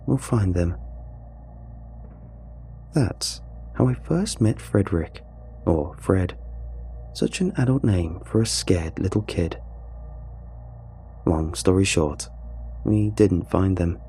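Gravelly low male storyteller. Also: slight background noise. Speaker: narrator. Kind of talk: scripted story narration. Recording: soft music under the voice.

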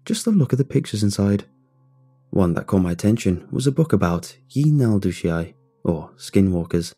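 A man narrating a first-person scary story in a calm, low-key way. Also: slightly rough.

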